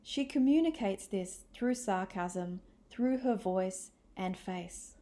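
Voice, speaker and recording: A woman teaching an English lesson, speaking in a clear, deliberate way and demonstrating different tones of voice. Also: mid-range voice, warm tone. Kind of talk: scripted lesson narration.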